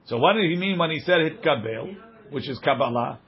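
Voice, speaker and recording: A man's voice: on the high side, expressive, a little fast, dull audio. A man teaching a daily page of Talmud, reading the passage aloud and explaining it line by line.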